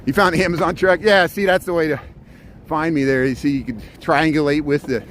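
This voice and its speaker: A man's voice: on the high side, fairly even intonation, a little fast, a bit bright. A man narrating a live stream as he bikes through city streets, chatting and thanking viewers with nervous asides. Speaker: vlogger biking through the city. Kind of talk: live-streamed casual narration while riding. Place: outdoors on city streets, on a bike. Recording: wind and traffic noise on a street mic. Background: wind, traffic and city noise.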